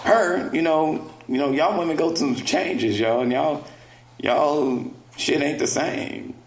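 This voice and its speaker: A man's voice: a little high, takes it slowly. A man in his thirties doing a crude, conversational stand-up set on a comedy club stage and talking straight to the crowd. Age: 30s. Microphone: stage microphone. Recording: roomy club echo, faint room noise.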